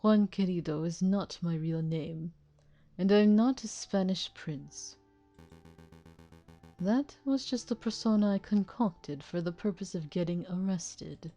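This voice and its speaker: A woman's voice: on the low side, a little slow, dark tone, muffled recording, soft background music. A woman voicing a stern male falcon defense attorney who speaks in a formal, commanding way. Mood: firm.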